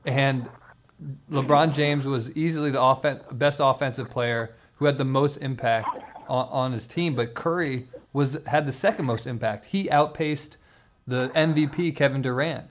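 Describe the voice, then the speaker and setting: A man co-hosting a sports podcast walks through stats in an analytical, casual way. His pitch is ordinary. A faint hiss of noise sits under his voice. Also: moderate pace.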